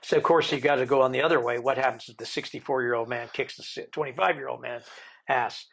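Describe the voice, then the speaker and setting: An older man, a podcast guest, tells his own story in a lively way and acts out the people he quotes. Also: medium pitch, quick pace, vocal fry, slight background noise. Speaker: interview guest.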